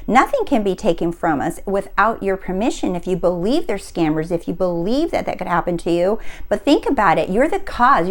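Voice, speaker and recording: A woman coaching on spiritual wealth, speaking in an earnest, emphatic way and often asking if listeners see her point. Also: on the high side. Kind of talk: spiritual teaching talk.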